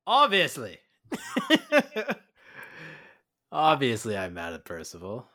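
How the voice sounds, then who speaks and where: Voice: low voice, a little slow, sharp tone. A player voicing a woman who is bluffing her way through as a mad witch, brazen and offhand.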